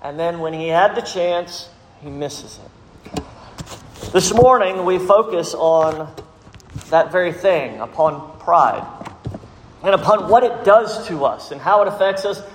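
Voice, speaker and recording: A man preaching a sermon as pastor, telling a story with measured, dramatic emphasis. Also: sits high, lively intonation, a little hiss or hum. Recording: echoey hall with long reverb.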